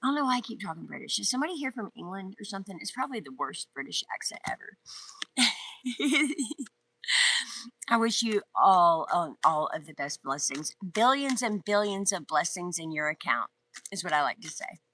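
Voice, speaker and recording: Bright-voiced chatty woman. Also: medium pitch, lively intonation, moderate pace, poor audio. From North Georgia, US. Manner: chatty and rambling, laughs often. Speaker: tarot reader. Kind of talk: casual live tarot reading. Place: outdoors in the wind.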